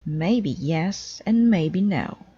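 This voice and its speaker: A woman gives voice to a kindly male frog from a storybook, patient and gentle. He speaks low and slow, with a breathy edge, and the sound is dull and lo-fi. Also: lively intonation, dry recording, exaggerated voice. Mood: teasing. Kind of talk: storybook read-aloud.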